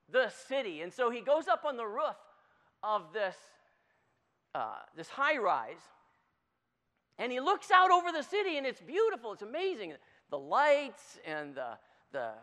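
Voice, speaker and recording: Chatty preacher in a reverberant hall. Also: medium pitch. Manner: animated storyteller, loose and chatty. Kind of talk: conversational sermon.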